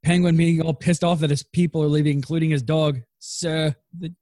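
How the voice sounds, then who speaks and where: A man co-hosting a casual podcast, recapping a TV episode with laughter, swearing and quick quoted asides. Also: a little high, no room sound, studio quality. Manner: animated, laughing, swearing, quoting characters. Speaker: podcast co-host.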